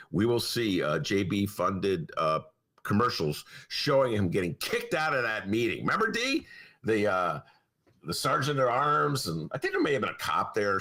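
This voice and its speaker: A man co-hosting a podcast in casual, joking political chat, with big swings in pitch. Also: breathy edge. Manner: animated, joking, swings his pitch a lot. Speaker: podcast co-host.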